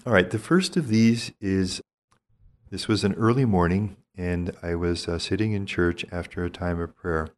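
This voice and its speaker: An older man, a priest, giving a calm and reflective teaching talk on spiritual discernment. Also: low voice, normal speed. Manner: calm, reflective, gently explanatory.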